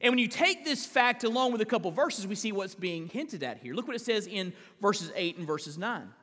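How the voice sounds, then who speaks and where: A male pastor preaching a live sermon in a church, emphatic, with big swings in pitch and drawn-out stressed words. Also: expressive, fairly bright tone, long reverb tail. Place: large church sanctuary.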